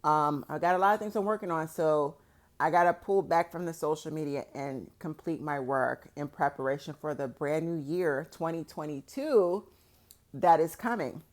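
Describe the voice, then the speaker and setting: A woman vlogger talking straight to her viewers like a big sister, frank and heavy with swearing, getting loud and heated when she stresses a warning. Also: deep voice, moderate pace. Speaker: vlogger and support group organizer. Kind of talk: blunt advice talk to viewers.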